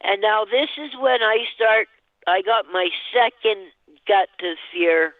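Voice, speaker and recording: A woman calling in to a show, telling a personal story in a halting, rambling way with nervous laughs. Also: medium pitch, no echo. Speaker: caller. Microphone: telephone. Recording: tinny phone line.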